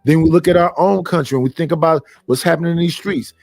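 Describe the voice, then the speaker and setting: A man's voice: a little high, fast, vocal fry, darkish tone, no room sound, studio quality, faint music behind. A middle-aged man, hosting a live stream and ranting bluntly and profanely, preaching at his listeners. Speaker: stream host. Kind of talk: casual live-stream rant.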